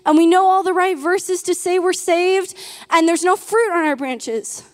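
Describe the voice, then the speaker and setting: A woman preaches with a high voice and an earnest, emphatic delivery, often turning questions on her audience. Her words ring out through a large hall with a long echo behind them. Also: measured pace. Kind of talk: sermon.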